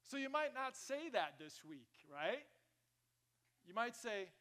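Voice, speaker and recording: Bright, high-voiced jokey male pastor. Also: very animated, slow. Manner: conversational, jokey preacher with sudden loud bursts. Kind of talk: sermon. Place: church.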